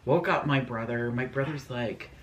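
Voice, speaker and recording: A man's voice: medium pitch, moderate pace, slight background noise. A man telling ghost stories in a casual storytime vlog, scatterbrained and rambling with lots of fillers. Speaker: vlogger.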